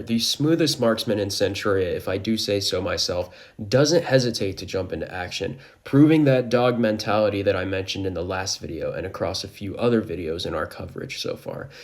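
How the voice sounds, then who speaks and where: Gravelly, low-voiced man recapping a manga. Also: lively intonation, moderate pace, hardly any pauses. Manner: casual, enthusiastic, joking asides. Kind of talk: chapter recap narration with commentary.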